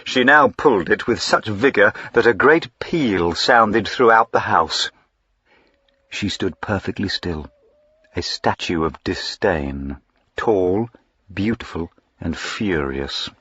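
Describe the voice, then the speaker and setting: A man reading a classic novel aloud as an audiobook narrator, in a measured, expressive storytelling manner. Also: lowish voice, husky, no echo, dull audio.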